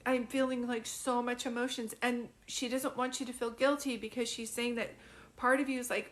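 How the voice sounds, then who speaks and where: A young woman with a slightly high voice gives a live reading to one viewer. She talks in a drowsy, halting way, with many fillers and restarts. She is emotional throughout. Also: steady tone. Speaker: psychic medium.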